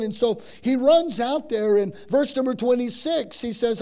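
A man preaching a sermon, retelling a story with dramatic swings from loud to hushed and frequent repeated words. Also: very high voice, moderate pace, few pauses.

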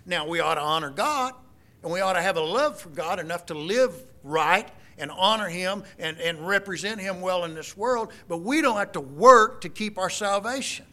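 A man's voice: high voice, expressive, normal speed, bright, forceful tone. A middle-aged man preaching a sermon, quoting scripture in an emphatic, folksy way. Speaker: pastor.

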